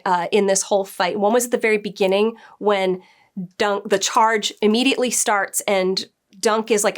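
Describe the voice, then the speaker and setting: A woman who works as a book editor, chatting casually through a TV episode review and acting out the characters' lines as she goes. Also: medium pitch.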